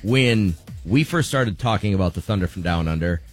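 Radio dj guy, lowish voice, jokey, running a contest, little music under him. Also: animated, moderate pace. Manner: joking, upbeat, giving contest instructions. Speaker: radio host. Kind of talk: morning radio banter.

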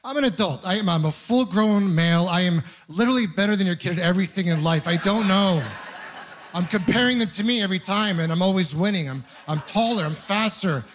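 Young male stand-up comic from Ontario, high-pitched and animated, on a club stage mic. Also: brisk. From Ontario, Canada. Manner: animated storytelling, playful and self-mocking. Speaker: stand-up comedian. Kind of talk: stand-up comedy set. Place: comedy club stage with laughing audience.

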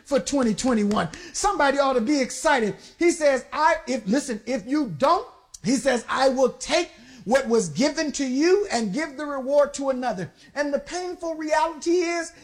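A woman preaching a sermon in an emphatic call-and-response style, building up to shouts. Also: high-pitched, animated, moderate pace.

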